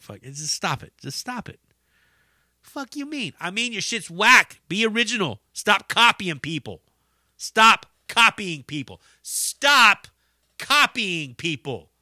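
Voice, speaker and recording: A man talks alone into a dry close mic, his bright, tense voice rising and falling in a lively way. He rants slowly and profanely, drifting into rambling asides full of fillers. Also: on the high side, no echo. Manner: profane, animated ranting with frequent swearing. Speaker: podcast host. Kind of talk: casual solo podcast rant.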